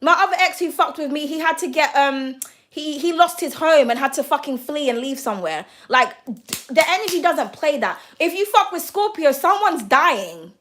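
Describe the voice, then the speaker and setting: Woman, high voice, brash tarot reader, blunt and foul-mouthed. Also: animated, moderate pace, a bit bright. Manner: blunt, profane, ranting. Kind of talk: livestream chat.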